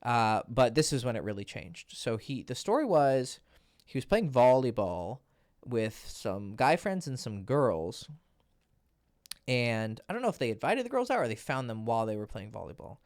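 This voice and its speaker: A man speaking as a dating coach in a loose, storytelling monologue, blunt and swearing freely. His pitch moves a lot and stays lively throughout. The sound is dry and close, with no room around it. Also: normal speed, dry recording. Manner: blunt, profane, animated.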